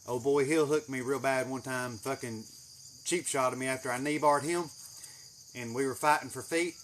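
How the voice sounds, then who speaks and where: A man telling a story in a casual, animated way, swearing heavily as he goes. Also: mid-range voice, moderate pace, slight background noise. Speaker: channel host. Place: greenhouse.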